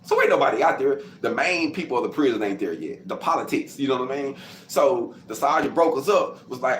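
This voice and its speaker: A man tells his own story in a loose, conversational way. He performs the voices of other people and bursts into loud sound effects. The room is echoey, with a faint hum of noise behind him. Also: medium pitch, quick pace. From Arkansas. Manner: animated, acts out quotes and sound effects, gets loud. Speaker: host telling his life story. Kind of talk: casual storytelling to camera. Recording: roomy with faint background noise.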